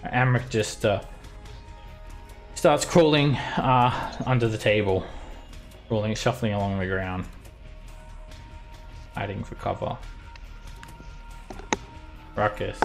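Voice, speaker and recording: A man narrating as dungeon master, halting with many fillers. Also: on the low side, fairly even intonation, creaky, music in the background. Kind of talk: narrating a tabletop game.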